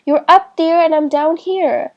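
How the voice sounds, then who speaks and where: Woman doing scared young girl, shaky, pleading, high voice, mellow tone, storybook reading. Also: steady tone, measured pace, lo-fi sound. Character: frightened young girl trapped in a cave.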